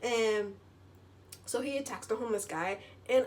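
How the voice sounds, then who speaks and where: A woman's voice: on the high side, moderate pace. A woman vlogger in a casual storytelling monologue, chatty, full of filler words and casual swearing.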